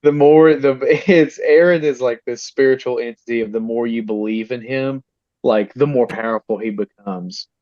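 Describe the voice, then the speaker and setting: A man co-hosting a podcast in casual chat, animated and laughing often as he tells stories. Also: medium pitch, moderate pace, no room sound, muffled recording. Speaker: podcast co-host.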